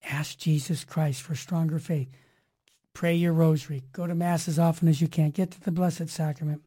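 A woman's voice: sits low, fairly even intonation, normal speed, dark tone, breathy edge. Emphatic woman hosting religious talk radio. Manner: emphatic, preachy, rhyming slogans. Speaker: radio show host.

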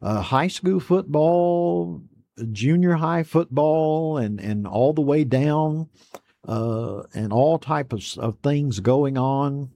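A man hosting an online Bible study program, reading out viewer greetings and chatting back in a folksy, unhurried way. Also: a little high, mellow, dry recording. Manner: folksy and unhurried, reads messages aloud then chats back.

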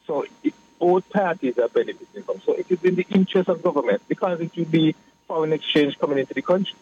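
A man, a political guest explaining his views in a measured way on a radio talk show. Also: a little high, a little mellow. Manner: measured, explanatory, repeats phrases. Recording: muffled radio broadcast with faint hiss.

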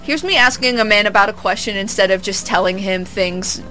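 A woman in her twenties hosting a college radio show, chatting and teasing her co-hosts in an animated way. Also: soft background music. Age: 20s. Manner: animated, teasing, quick jumps in pitch. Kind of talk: casual radio banter.

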